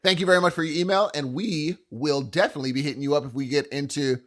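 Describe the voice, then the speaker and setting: A man's voice: on the high side, fairly even intonation, quick pace, fairly bright tone. An American man co-hosting a podcast, chatting casually with dry, playful quips and reading listener mail aloud. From United States. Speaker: podcast co-host.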